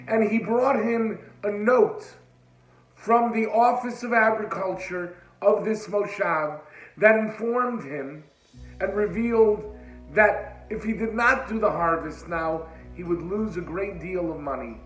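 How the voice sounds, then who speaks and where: High-voiced man telling a dramatic sermon story. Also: slow pace, reverberant, faint music behind, poor audio. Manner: dramatic, drops to a hushed voice at moving moments; sprinkles Hebrew religious terms. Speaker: religious speaker.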